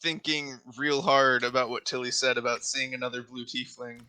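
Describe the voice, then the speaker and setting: A man playing a tabletop game, speaking casually with hesitant pauses. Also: medium pitch, little pitch movement, pushed and bright, clean tone, no echo, low-quality recording. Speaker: player.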